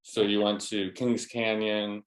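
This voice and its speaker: A man's voice: fairly low pitch, level tone, measured pace. A man chatting casually, telling a rambling travel story with many fillers and restarts. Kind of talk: casual chat.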